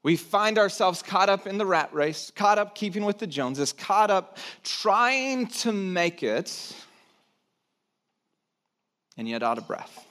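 A male pastor giving a sermon in a church, conversational and pausing often, letting phrases fall low and soft. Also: expressive. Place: church sanctuary.

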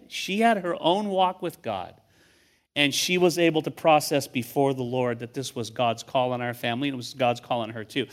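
This older guest pastor, with a mid-range voice at normal speed, preaches a sermon to a church congregation. He sounds conversational and tells stories, regularly repeating a word or two as he opens a thought.

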